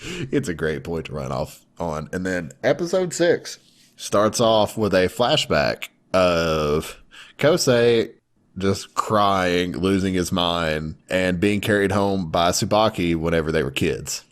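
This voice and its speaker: A man with a low voice chats casually as a podcast co-host, recapping a show. He laughs a lot and acts out the characters' lines, lifting his voice well above his usual register to quote them. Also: slow pace. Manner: animated retelling, acts out characters' lines in a raised voice, laughs often. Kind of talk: casual chat recapping an anime.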